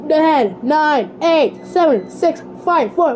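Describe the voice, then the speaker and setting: A woman hosting a homemade cartoon contest, excitable and dramatic, with sudden outbursts. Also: high voice, slow, few pauses, slight background noise, low-quality recording.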